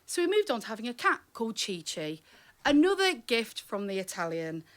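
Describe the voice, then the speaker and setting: A woman's voice: on the high side, sing-song, a little fast. A woman performing comic spoken-word storytelling live, wry and chatty, teasing the audience.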